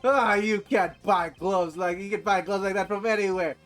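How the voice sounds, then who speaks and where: A man playing a smug suspect brushing off evidence in a slow, dismissive way. His voice is high and bright, with faint music behind.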